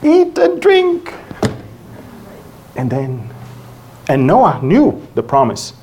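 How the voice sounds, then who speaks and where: Lively preacher for a sermon: big swoops in pitch, acts out voices, with loud peaks and hushed asides. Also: drawn-out words. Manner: animated, acts out dialogue with exaggerated voices; swings between loud exclamations and hushed asides. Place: church before an audience.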